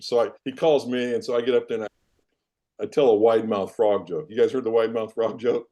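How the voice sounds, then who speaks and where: Mellow-voiced man telling sports stories. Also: mid-range voice, normal speed. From Iowa, United States. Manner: animated, self-deprecating anecdotes. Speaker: interview guest, former football player and coach. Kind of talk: casual storytelling in a podcast interview.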